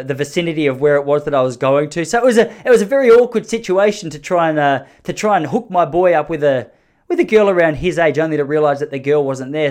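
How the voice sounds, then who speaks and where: A man's voice: fairly high pitch, a little mellow. A man in his thirties with an Australian accent, telling a funny personal story in a rambling, self-correcting way with sheepish asides. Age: 30s. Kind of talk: casual comic storytelling.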